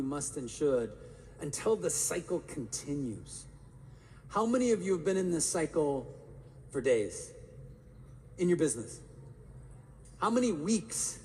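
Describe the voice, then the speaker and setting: A man with a somewhat high, gravelly voice gives an energetic motivational talk and keeps asking the crowd questions. Long reverb from a large hall surrounds him, with a faint murmur of room noise behind. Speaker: motivational speaker. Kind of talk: live talk to an audience.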